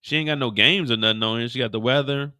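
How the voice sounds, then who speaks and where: A man hosting a live after-show, recapping an episode in a profane, animated storytelling way. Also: medium pitch, fast talker, clean tone, dry recording, studio quality. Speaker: show host.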